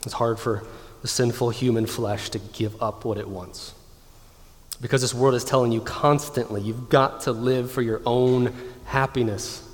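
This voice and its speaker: A man's voice: mid-range voice, steady tone. Preaching man in a reverberant hall. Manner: emphatic preaching, slowing down to stress key lines. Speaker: pastor. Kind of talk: sermon.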